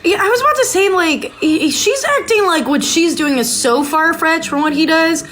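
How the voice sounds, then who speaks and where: A woman podcast host recaps a reality show, chatting casually and reacting aloud as she watches, saying "like" a lot among many filler words. Her voice is extremely high-pitched and fairly bright, with lively intonation at a moderate pace, and there's slight background noise.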